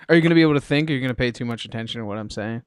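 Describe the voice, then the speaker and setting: A man hosts a casual podcast in a middle-pitched voice. He tells stories with animated energy and plenty of slang. The sound is close and dry. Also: racing, smooth, no echo. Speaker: podcast host. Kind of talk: casual storytelling chat.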